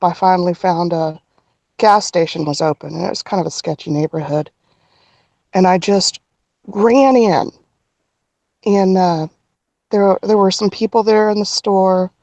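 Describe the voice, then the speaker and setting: A middle-aged woman telling a personal story as a podcast guest, earnest and halting, with frequent restarts. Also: mid-range voice, darkish tone, no room sound.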